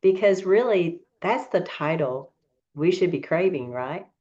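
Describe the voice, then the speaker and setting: Low-voiced woman hosting an interview. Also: animated, measured pace, darkish tone, muffled recording. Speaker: podcast host. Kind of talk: interview host.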